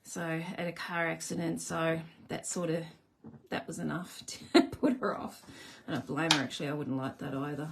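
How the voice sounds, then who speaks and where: A woman with a deep, creaky voice and fairly even intonation hosts a casual live card-making demo at normal speed, chatting to viewers and laughing at herself as she works. There is noise in the background.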